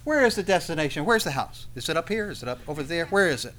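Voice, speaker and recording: A preacher putting on a bewildered, pleading disciple. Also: male voice, very animated, fast, a little hiss or hum. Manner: high, loud, anxious questioning.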